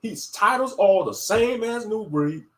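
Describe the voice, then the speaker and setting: Heated high-voiced man ranting. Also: lively intonation, measured pace, a bit bright. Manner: blunt, heated, repeats catchphrases. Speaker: YouTube commentator. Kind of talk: ranting commentary.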